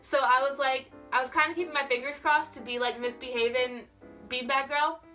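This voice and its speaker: A young woman vlogger telling a story in a gushing, excitable way, full of "like". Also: sits high, fairly quick, far from the mic, soft background music. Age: young adult. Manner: gushing, excitable, heavy use of "like". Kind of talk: casual storytelling.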